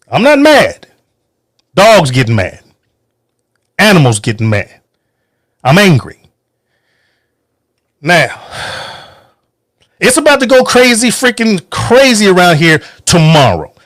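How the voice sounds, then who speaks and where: A man's voice: high voice, sing-song, a little slow, long pauses, fairly bright tone, no room sound, studio quality. A man hosting a podcast, giving a heated, profane, emphatic political rant from home. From United States. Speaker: podcast host. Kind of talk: angry political monologue.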